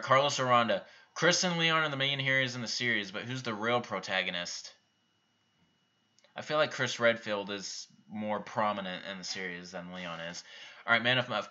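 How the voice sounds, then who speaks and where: A man's voice: medium pitch, pushed and bright, muffled recording. A young man hosting a live viewer Q&A, reading out questions and answering them offhand and bluntly in a casual chat. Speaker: YouTube channel host answering viewer questions.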